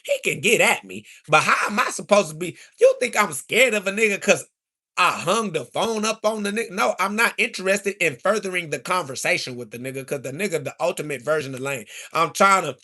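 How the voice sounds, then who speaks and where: A man, ranting loudly and profanely at his livestream chat, mocking and trash talking into a phone. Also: high-pitched, expressive, fairly quick. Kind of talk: angry livestream rant.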